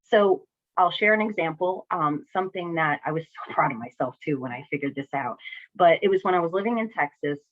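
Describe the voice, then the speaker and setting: A woman's voice: sits low, brisk. A woman candidly talking through her own experiences in a reflective personal vlog, often checking in with "right?" and "you know?". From New Jersey. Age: adult, a single mother. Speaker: vlogger sharing personal experience. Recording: tinny phone-like audio.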